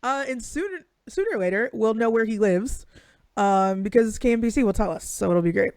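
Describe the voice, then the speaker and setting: A woman's voice: a little high, expressive, a little fast, a little mellow, no echo. A young woman co-hosting a casual sports chat stream, bubbly and laughing often, swearing freely. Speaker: podcast co-host.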